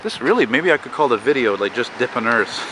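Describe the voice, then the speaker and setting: A man's voice: mid-range voice, a bit bright. A man narrating a casual walking vlog outdoors, rambling and swearing as he chats to his viewers. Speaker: vlogger. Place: outdoors on a city street at dusk. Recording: street noise and passing cars. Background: street traffic.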